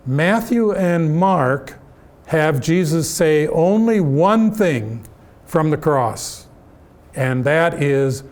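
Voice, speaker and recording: Man, Bible class teacher, slow deliberate delivery, slightly high voice, questions to the class. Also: expressive. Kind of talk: adult Bible class lecture.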